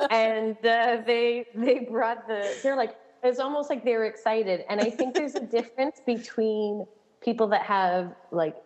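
A woman's voice: a little high, a little slow. A woman co-hosting a podcast, telling funny camp stories in a casual, laughing way. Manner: laughing, animated storyteller. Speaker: podcast co-host, camp director. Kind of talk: casual chat. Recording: dull, echoey long reverb.

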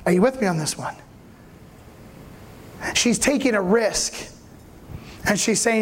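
A man with a very high voice delivers a conversational sermon as a pastor. He keeps asking his listeners whether they follow. He slips into the voices of people in the story as he tells it. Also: expressive, measured pace, long pauses. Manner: conversational preaching, checks in with listeners often.

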